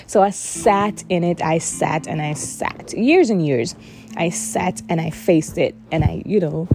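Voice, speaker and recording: A woman's voice: lowish voice, animated, measured pace, music in the background. A woman telling a personal story candidly and emotionally, often repeating words for emphasis.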